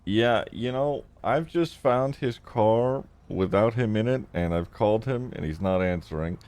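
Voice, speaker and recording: A man's voice: fairly low pitch, lively intonation, unhurried, darkish tone, smooth. A man streaming a game role-play, muttering his thoughts aloud in casual chat and swearing a lot.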